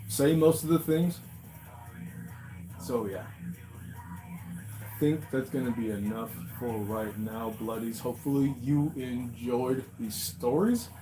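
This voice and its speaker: A man hosting a story show, reacting in a casual monologue full of swearing and laughter. He drops into low mutters and then bursts out loud and high. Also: rough recording. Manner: swears constantly, laughs, jumps from mumbling to loud outbursts. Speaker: host reacting to reddit stories.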